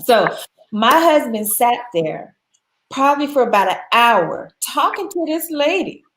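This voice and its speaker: An American woman telling travel stories in a casual chat as a guest, animated and laughing often. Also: sits high, a little slow. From United States. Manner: animated, laughs often, acts out quoted voices. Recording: roomy echo.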